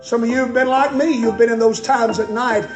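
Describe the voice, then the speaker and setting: High-pitched preacher in an echoey church. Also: male voice, steady tone, brisk. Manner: impassioned, builds to shouting. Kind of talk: sermon. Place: church sanctuary. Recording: echoey church with loud music.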